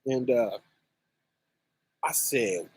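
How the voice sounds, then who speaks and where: Man, religious livestream host, slow deliberate delivery, talks straight to chat viewers, conversational. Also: mid-range voice, darkish tone, slightly rough. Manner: conversational, with frequent "right?" and "you know". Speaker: host of a religious online conference. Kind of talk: casual livestream teaching on scripture.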